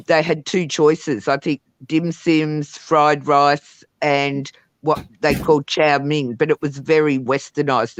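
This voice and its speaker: A woman's voice: sits low, no room sound. A middle-aged Australian woman, a panel guest, rambling on in a chatty casual chat full of reminiscences.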